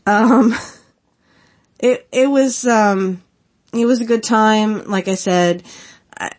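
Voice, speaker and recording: Taking it slowly and pausing often, a thirtysomething woman with a fairly high voice hosts her own podcast. Her casual solo commentary rambles, full of giggles and fillers.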